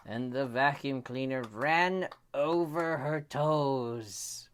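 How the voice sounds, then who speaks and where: A man telling his children a bedtime story, dropping to a hush and jumping up into shrieks. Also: medium pitch, a little hiss or hum. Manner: slow, hushed, then shrieking kid voices. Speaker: storyteller dad.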